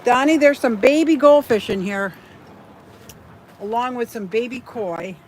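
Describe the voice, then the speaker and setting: A fish keeping channel host, a woman with a slightly high voice, speaks unhurriedly over slight background noise. Strolling through her house and yard, she gives a casual, chatty, giggly home tour vlog about her fish and pets, talking to the animals and her viewers.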